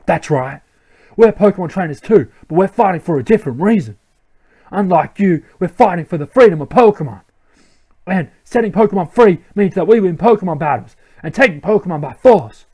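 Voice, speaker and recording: A man's voice: high-pitched, expressive, a little fast, mellow, breathy edge, voice pushed up, exaggerated voice. A man voicing a zealous male villain grunt from a game, earnest and preachy in tone. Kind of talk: reading game dialogue aloud.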